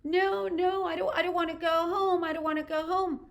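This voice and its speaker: A woman's voice: very high voice, fairly even intonation, normal speed, creaky, pitched above the performer's own voice. A woman voicing a distressed drunk woman who keeps refusing help, in a pleading manner.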